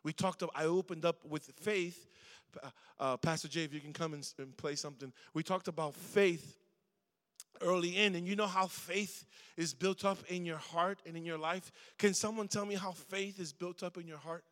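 Speaking at a moderate pace in a high, steady, slightly bright voice, a middle-aged guest preacher addresses a youth service conversationally. He invites the young crowd to answer back, and the church hall's long reverb trails his words.

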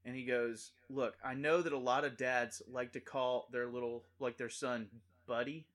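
A young man chatting casually, rambling through a story with lots of fillers and breaking into loud, high-pitched impressions of the people in it. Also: steady tone, normal speed. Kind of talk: casual chat.

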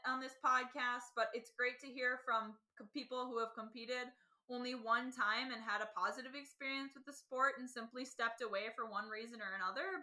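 A woman's voice: fairly high pitch, bright, forceful tone. A woman hosting a podcast, asking questions and chatting casually. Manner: friendly, asks questions at length. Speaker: podcast host. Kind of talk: casual interview chat.

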